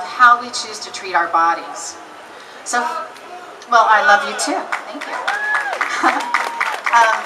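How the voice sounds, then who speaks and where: Middle-aged woman, rally speaker, animated storyteller, roomy distant camera audio. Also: fairly high pitch, noisy background. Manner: animated storyteller, acts out quoted dialogue. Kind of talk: personal story speech at an outdoor rally. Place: outdoor rally.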